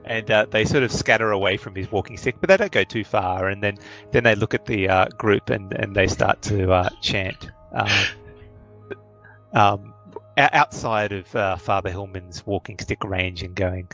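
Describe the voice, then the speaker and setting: A man's voice: fairly low pitch, normal speed, a bit bright, highs cut off, soft background music. A man narrating as game master of a tabletop game, hesitant, with many ums and uhs.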